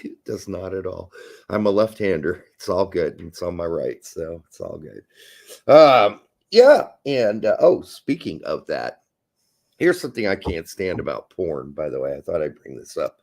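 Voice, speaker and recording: A man co-hosting a casual podcast, ranting in a crude, animated way and swearing freely. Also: deep voice, moderate pace, vocal fry. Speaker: podcast co-host.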